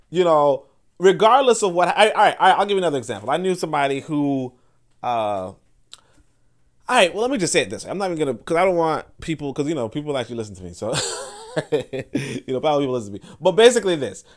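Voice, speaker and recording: A man with a slightly raised pitch hosts a podcast in an unscripted monologue. He rambles, restarts his sentences, and fills gaps with "you know" as he talks. He slips into quick voiced-out quotes of other people. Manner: rambling, full of fillers and restarts; acts out others' words in quoted asides. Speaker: podcast host. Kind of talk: casual monologue commentary.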